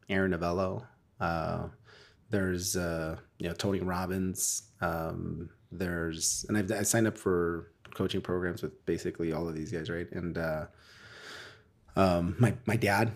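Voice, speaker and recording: Guy rambling thru stories on a podcast, kinda low voice, keeps tossing in little tag questions. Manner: rambling, animated storytelling with frequent tag questions. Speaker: podcast guest, real estate wholesaler. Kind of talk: casual interview chat.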